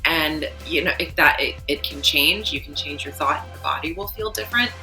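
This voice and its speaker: A woman's voice: deep voice, fairly quick, pushed and bright, faint music behind, rough recording. A woman co-hosting a podcast, talking earnestly in a casual spiritual chat and telling a vivid story. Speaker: podcast co-host.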